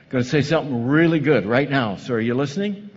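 A pastor preaching a sermon, dramatic and animated, acting out the voices of the people he describes. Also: mid-range voice, quick pace, slight background noise. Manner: dramatic, acts out quoted voices with rising intensity. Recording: muffled sound with long hall reverb.

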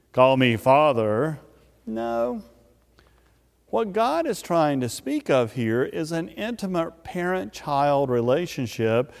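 A man preaching a sermon, speaking emphatically and repeating key words with drawn-out pauses. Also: a little high. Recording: long reverb of a large hall.

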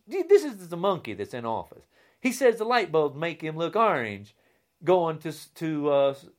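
A man delivering a heated, insulting rant straight to camera, swinging between shouting and a low, menacing growl. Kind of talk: angry political rant to camera.

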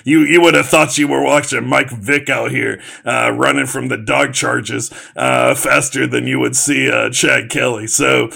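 A man's voice: medium pitch, steady tone, a little slow, creaky, few pauses, pushed and bright. A man co-hosting a casual sports podcast, rambling and sarcastic, with lots of uh fillers. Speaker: podcast co-host.

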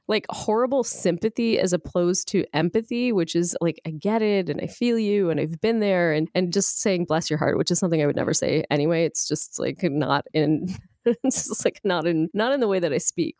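A woman's voice: fairly low pitch, darkish tone, no echo, clean studio sound. A woman host who talks expressively and laughs often while demonstrating role-plays in a conversation.

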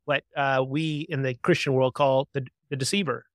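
Thoughtful man in casual chat, measured, mid-pitched, dry close sound. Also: steady tone, a bit bright, dry recording. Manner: reflective, halting, speaks in spiritual terms. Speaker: podcast co-host. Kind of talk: casual conversation.

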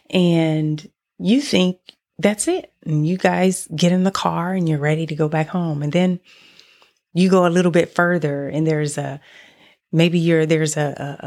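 Woman podcast host, lower pitch, earnest devotional storyteller. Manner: earnest, expressive storytelling with many restarts. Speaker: podcast host teaching on faith. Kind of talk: devotional teaching monologue.

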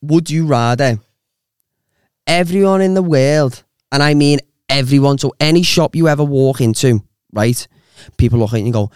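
A man's voice: mid-range voice, moderate pace, a little mellow, clear, resonant tone, dry recording, clean studio sound. A man hosting a podcast, bantering and teasing his guest in casual, sweary chat. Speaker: podcast host.

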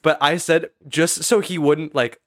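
Young man, dry close sound, animated. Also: a little high, no echo. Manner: quick, animated storytelling with frequent self-interruptions. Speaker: podcast guest. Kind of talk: casual chat.

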